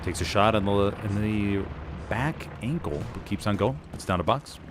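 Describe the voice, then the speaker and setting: A man's voice: fairly low pitch, lively intonation, moderate pace. A man casting a live competitive shooter match, giving chatty, self-deprecating play-by-play. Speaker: esports caster. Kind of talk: live game commentary. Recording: game noise behind the voice. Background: gunfire, artillery and vehicles from the game.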